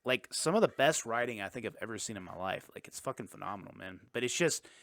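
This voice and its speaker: A man's voice: fairly low pitch, expressive, quick pace, vocal fry, fairly bright tone, no room sound, studio quality. A man co-hosting a podcast, retelling a movie in a rambling, profane, casual way full of fillers. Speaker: podcast co-host. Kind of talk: casual movie-recap chat.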